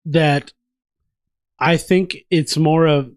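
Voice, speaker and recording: A man with a fairly high-pitched speaking voice co-hosts a casual fight-night podcast. He swears often and keeps returning stubbornly to his own argument. The sound is dry and close, with no room around it. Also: steady tone, extremely slow, no echo. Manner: profane, repeats his point insistently. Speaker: podcast co-host. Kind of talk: casual chat.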